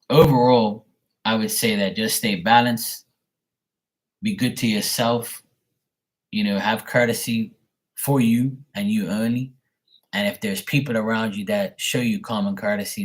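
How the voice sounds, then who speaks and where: A man's voice: lowish voice, rough recording. A man doing a casual tarot reading who rambles through stories, talks bluntly and swears freely. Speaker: tarot reader. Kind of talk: casual livestream reading and storytelling.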